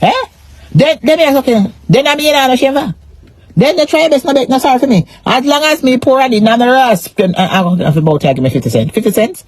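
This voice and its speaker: A woman's voice: sits high, lively intonation, brisk, darkish tone, dry recording. A Jamaican woman on a casual live stream, rambling in a repetitive, emphatic way about money, shame and her pain. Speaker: social media personality.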